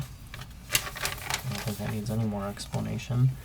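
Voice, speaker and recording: Slow, rambling young man. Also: lowish voice, creaky, music in the background. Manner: relaxed, rambling, frequent ums. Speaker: artist and channel host. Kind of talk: casual sketchbook flip-through commentary.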